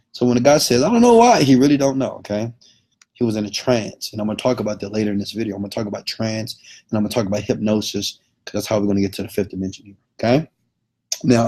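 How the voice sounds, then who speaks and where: Emphatic, husky motivational speaker man. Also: fairly low pitch, a little mellow. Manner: emphatic, keeps checking in with okay. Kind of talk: motivational lecture.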